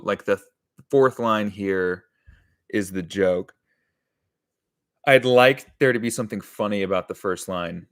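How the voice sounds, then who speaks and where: Low-voiced man chatting on a live stream. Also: a bit bright. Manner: thinks aloud, rambling, answers chat, chuckles often. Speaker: comedy sketch writer streaming live. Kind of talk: casual live-stream chat while writing.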